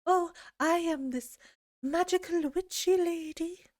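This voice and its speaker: A woman's voice: extremely high pitch, slow, voice pushed up. A woman voicing a whimsical, magical witchy fantasy woman in a put-on fantasy Irish accent, airy and sing-song.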